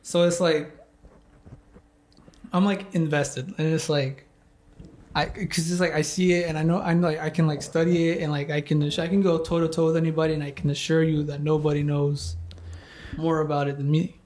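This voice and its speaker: A man's voice: on the high side, flat delivery, normal speed, a little mellow. A young man telling a story in casual chat, rambling with lots of "like" fillers and frequent swearing. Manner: rambling, heavy use of "like", swears a lot.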